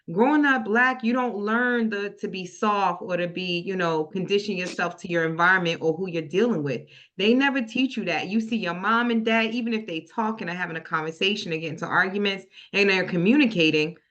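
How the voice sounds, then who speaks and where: A middle-aged woman hosting a casual podcast discussion, telling stories from her own parenting with lively quoted voices. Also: medium pitch, brisk, hardly any pauses, highs cut off. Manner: storytelling, animated when quoting her son. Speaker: podcast host.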